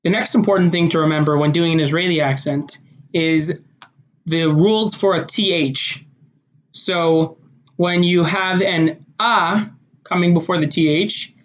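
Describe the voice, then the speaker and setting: American accent coach type, unhurried and methodical, lays out each rule step by step. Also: mid-range voice. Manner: slow, deliberate explanation of pronunciation rules. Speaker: accent tutorial presenter. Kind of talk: instructional video.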